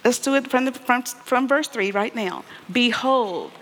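A woman's voice: a little high, moderate pace. A woman giving an earnest, preacherly testimony, calling out to her audience for responses. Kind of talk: sermon-style testimony. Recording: long hall reverb.

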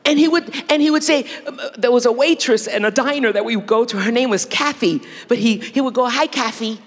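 A middle-aged woman preaching a sermon in a lively, playful way, laughing often between her points. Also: on the high side, a little fast. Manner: animated, laughing, playful asides. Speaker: speaker. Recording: long hall reverb.

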